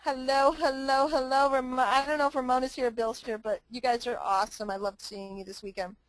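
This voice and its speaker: Her pitch is on the high side and her tone steady as she speaks quickly, delivering an emphatic, repetitive motivational talk to a live online group with chatty asides. She is a motivational speaker and trainer. There is no echo, but the recording is rough.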